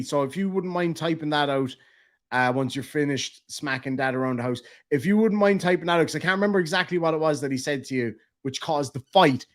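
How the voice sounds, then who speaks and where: A young Irish man with a lively, animated delivery, telling a comic story and laughing as he swears. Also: on the high side. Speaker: vlogger.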